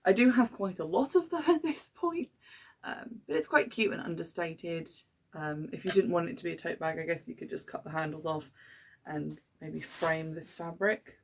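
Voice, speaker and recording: A woman talks her way through an unboxing in an easy, hesitant chat, giving frank opinions as she goes. Her voice sits low, with a gravelly fry running through it. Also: normal speed, a little hiss or hum. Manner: chatty, hesitant with many ums, mildly critical. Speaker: podcast host unboxing a subscription box.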